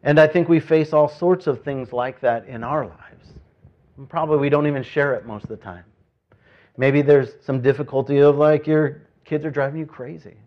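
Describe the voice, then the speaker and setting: A man preaching to his congregation in a casual, storytelling way. He pushes key points out loudly, then drops to near-private quiet asides. The recording sounds a little dull and muffled. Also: fairly high pitch, moderate pace. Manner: conversational preaching with sudden loud emphasis and quiet asides. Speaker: pastor. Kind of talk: sermon.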